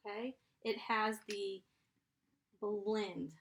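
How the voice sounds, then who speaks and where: A woman's voice: mid-range voice, measured pace, creaky. A woman teaching a first grade class, dictating sentences and patiently sounding out letters and blends.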